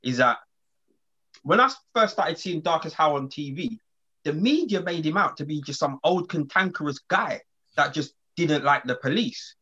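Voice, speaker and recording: A man in casual podcast chat, animated and quick to interrupt. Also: fairly high pitch, breathy edge. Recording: dull lo-fi audio.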